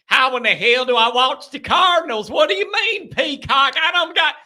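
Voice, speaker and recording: A man doing a loud, confused rural football fan with an exaggerated Southern twang. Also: lively intonation, moderate pace, exaggerated voice. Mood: baffled, shouting. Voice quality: high, shouty and bewildered.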